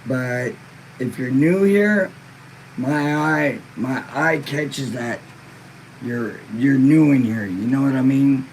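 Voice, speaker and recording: A man's voice: mid-range voice, takes it slowly, a little mellow, slight background noise, low-quality recording. A laid-back man hosting a live-stream podcast, stoned and in pain, reading viewer comments in a rambling, profane way. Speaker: livestream podcast host.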